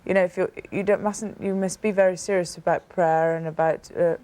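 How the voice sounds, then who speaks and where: A woman's voice: on the low side, fairly even intonation, fairly quick, warm tone. A British woman in her thirties, a talk show guest telling personal stories with earnest emphasis and frequent restarts. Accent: British English. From Britain. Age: 30s. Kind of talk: personal storytelling in a TV interview.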